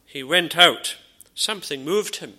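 A man preaching a sermon in an earnest, measured way, with frequent pauses and repeated phrases. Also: a little high, bright, forceful tone. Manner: drops to a near whisper in dramatised dialogue.

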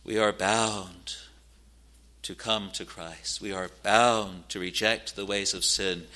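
A man's voice: low voice, fairly even intonation, slow, sharp tone. A man preaching a sermon in a solemn, earnest manner, quoting scripture in old-fashioned wording. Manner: solemn, rising to urgent warnings.

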